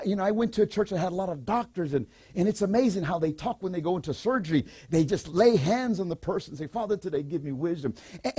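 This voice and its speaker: An older man preaching a sermon as pastor, animated, repeating phrases and calling the congregation to respond. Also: high-pitched, husky.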